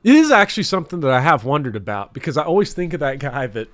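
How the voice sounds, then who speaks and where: A man's voice: on the high side, big pitch swings, fast talker, fairly bright tone, dry recording. A man hosting a casual game stream, joking and swearing as he chats with a guest and reads comments. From US South. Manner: profane, joking, mimics voices. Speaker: streamer and host.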